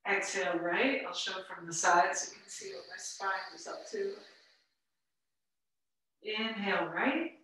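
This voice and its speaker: Calm woman guiding a yoga class. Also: medium pitch, a little slow, pauses often. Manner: calm, gentle, step-by-step cues. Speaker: yoga teacher. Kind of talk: guided breathing instruction. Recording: roomy echo, mic at a distance.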